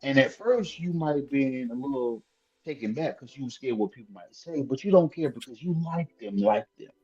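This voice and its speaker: Male co-host, husky and animated, plays every part in his own story; dull lo-fi recording. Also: mid-range voice, moderate pace. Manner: animated, acts out both sides of dialogue. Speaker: podcast co-host. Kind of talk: casual storytelling chat.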